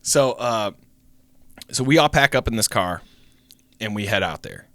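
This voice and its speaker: A young man co-hosting a podcast, telling a story in a casual, animated way, swearing often and acting out the voices of people in it. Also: on the low side, unhurried, dry recording. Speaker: podcast co-host.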